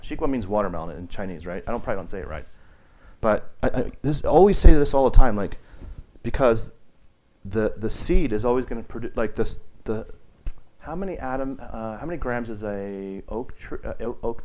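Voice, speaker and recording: A man's voice: fairly low pitch, a little mellow. A man giving a casual meditation teaching to a group, talking in a rambling way with many restarts and fillers, and acting out the people he quotes.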